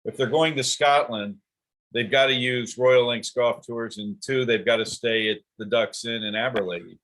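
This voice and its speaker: A man's voice: mid-range voice, fairly even intonation, normal speed, fairly bright tone, poor audio. An American man hosting a casual interview, with brief affirming remarks. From United States. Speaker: podcast host.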